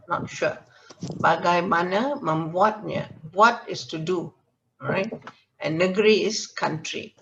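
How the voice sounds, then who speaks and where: A man's voice: on the high side, unhurried, creaky, bright, forceful tone. A man teaching a language lesson, patiently explaining words one at a time and checking in with the listener. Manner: patient, explains word by word with checks like "all right?". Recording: dull lo-fi recording with faint hiss.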